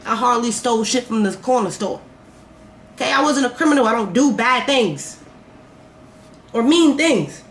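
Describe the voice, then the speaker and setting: A woman telling a personal story in a vlog, animated and profane, swinging between loud outbursts and slow, quiet musing. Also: on the high side. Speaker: vlogger. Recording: roomy echo, faint background noise.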